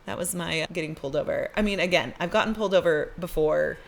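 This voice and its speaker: A woman co-hosting a podcast, telling a story in a casual, animated way and acting out the people in it. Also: on the low side, quick pace, gravelly, a little hiss or hum. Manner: animated, acts out voices in her stories. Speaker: podcast co-host.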